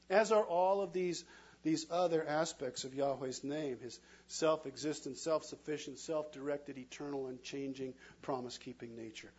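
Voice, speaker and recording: A man's voice: on the high side, a little mellow, husky, muffled recording. Male pastor preaching with call-and-response. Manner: emphatic call-and-response preaching, asks the congregation questions. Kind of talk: sermon.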